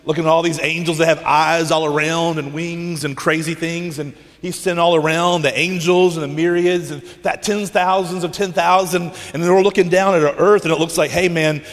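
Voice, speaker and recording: Emphatic preacher in a reverberant hall. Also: male voice, on the high side, steady tone. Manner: emphatic and intense, with dramatic pauses and sudden hushes. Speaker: pastor. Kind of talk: sermon.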